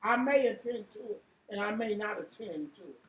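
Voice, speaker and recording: A woman leading an interactive church Bible lesson, quizzing the room with repeated "what?" and building to shouts. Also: mid-range voice, animated, normal speed. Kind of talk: interactive sermon with call and response. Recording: echoey room from far off, faint hiss.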